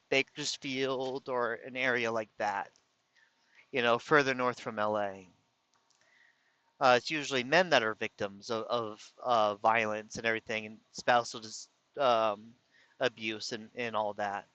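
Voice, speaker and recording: A man's voice: medium pitch, pushed and bright, dry recording. A man telling a rambling story in a casual venting way, with a slight lisp and some slurred words, often correcting himself. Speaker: vlogger. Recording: dull lo-fi sound.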